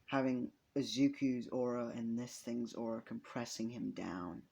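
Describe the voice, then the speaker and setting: A man's voice: mid-range voice, unhurried, creaky, a little mellow, breathy edge. A young man improvising a fan story aloud, rambling and swearing, with frequent restarts.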